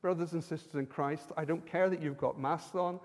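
A man's voice: fairly high pitch, fairly even intonation, fairly quick, darkish tone. A man preaching a sermon in a church, earnest and personal, building to emphatic repeated lines. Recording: long hall reverb.

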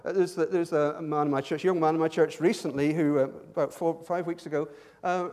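A man's voice: on the high side, steady tone, a little fast, a little mellow, in a large hall. A man brought up in Ireland, preaching a sermon as a pastor in a conversational way, with joking asides and repeated words as he starts his sentences. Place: church hall.

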